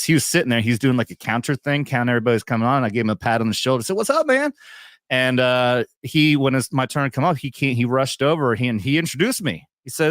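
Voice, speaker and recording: A man's voice: mid-range voice, fairly bright tone, no room sound. Brief: young man host, casual and rambling, swears freely, dry close-mic sound. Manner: rambling, profane, laughs often. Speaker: YouTube show host. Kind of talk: casual chat.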